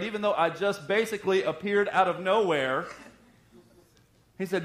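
A man preaching a sermon, retelling scripture dramatically and swinging between loud and hushed delivery. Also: high voice, lively intonation, quick pace, reverberant. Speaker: pastor.

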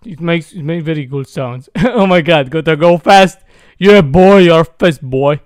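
A young man giving casual, slangy gameplay commentary, often bursting into loud, high exclamations. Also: unhurried, noisy background. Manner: playful slangy talk. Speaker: gamer.

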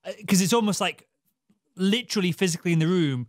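A man's voice: high-pitched, fast talker, no room sound, studio quality. A man hosting a podcast interview, thinking aloud and restarting his sentences as he goes. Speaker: podcast host. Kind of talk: interview conversation.

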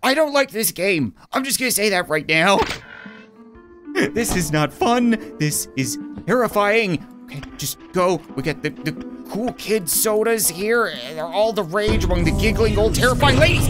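A man's voice: high-pitched, lively intonation, moderate pace. A man commentating a horror game let's play, sarcastic, jumpy and self-deprecating, cracking jokes about his job. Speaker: gaming YouTuber. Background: game music.

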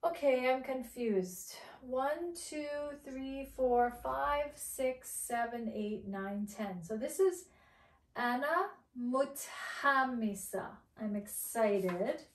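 A woman's voice: high voice, drawn-out words. A woman teaching English vocabulary in a playful way, acting out each feeling as she goes. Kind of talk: animated vocabulary lesson. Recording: echoey room, mic at a distance.

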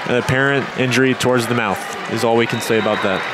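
A man doing live play-by-play commentary on a volleyball match, with quick, excited calls. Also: medium pitch, noisy background. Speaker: play-by-play announcer.

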